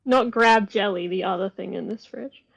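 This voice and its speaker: A woman's voice: medium pitch, normal speed, vocal fry, dry recording, rough recording. A woman chatting casually as a friend watching the game, teasing and laughing often. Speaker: co-player friend. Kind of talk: casual chat.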